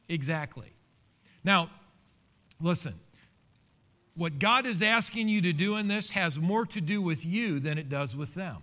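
A middle-aged man, a pastor, preaching a sermon with animated rises in pitch and telling stories from his own past. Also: measured pace, pauses often. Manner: animated preaching with pitch leaps and personal storytelling.

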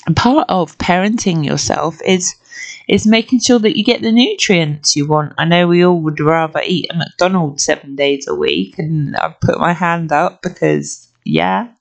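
A middle-aged British woman hosting a casual solo podcast, talking in a gentle, rambling way with many fillers. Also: on the low side, measured pace, vocal fry. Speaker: podcast host.

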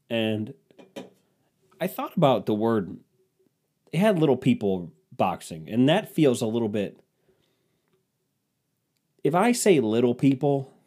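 A man's voice: on the low side, warm tone. A young man hosting a podcast, riffing in a rambling, self-mocking, crude comedic monologue. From Cleveland, Ohio. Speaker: podcast host.

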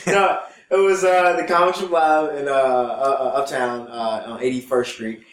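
A man's voice: medium pitch, steady tone, moderate pace. Man, comedian guest, rambling storytelling, lots of restarts, swearing, roomy echo. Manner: rambling, many restarts, profane. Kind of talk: casual storytelling interview.

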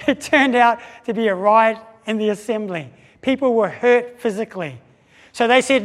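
A man preaching a sermon, telling a story in an animated way and acting out the voices of the people in it, with frequent restarts. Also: high voice. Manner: animated, acts out quoted voices with pauses and restarts. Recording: long hall reverb.

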